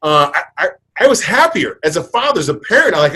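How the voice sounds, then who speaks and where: A man's voice: on the high side, very animated, fast talker, bright, forceful tone, slightly rough, low-quality recording. A man in his thirties hosting a podcast, chatting casually and telling stories in a rambling way with many restarts. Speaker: podcast host.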